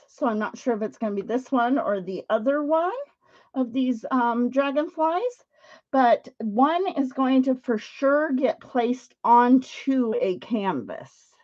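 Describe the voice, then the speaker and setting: A woman's voice: fairly high pitch, a little mellow. A woman chatting casually to viewers while demonstrating paint pouring live, laughing often as she works. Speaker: paint pouring livestream host. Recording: dull lo-fi stream audio.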